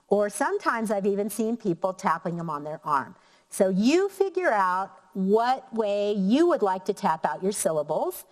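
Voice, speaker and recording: A woman teacher giving a slow, clear lesson to young children, counting out syllables. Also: medium pitch, big-room sound. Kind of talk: elementary classroom lesson.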